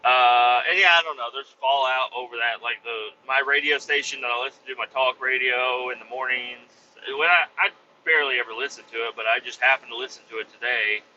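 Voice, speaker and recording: A man's voice: mid-range voice, brisk, pushed and bright, slight background noise. A man hosting a comedy podcast, rambling through a crude, profane monologue. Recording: slightly muffled lo-fi recording.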